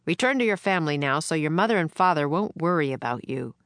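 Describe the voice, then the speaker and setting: A woman's voice: deep voice, animated, quick pace, a bit bright, no room sound. A woman voicing a stern but kindly male soldier captain in a storybook reading. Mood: commanding.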